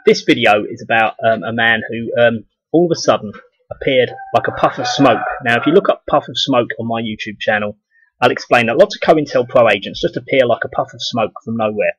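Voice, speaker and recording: A man with a slightly husky voice holds forth in a scornful, profane rant. His voice is dry and close, with no room around it. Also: mid-range voice, a little fast, a bit bright, no echo, dull audio. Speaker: video blogger. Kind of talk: casual ranting monologue to camera.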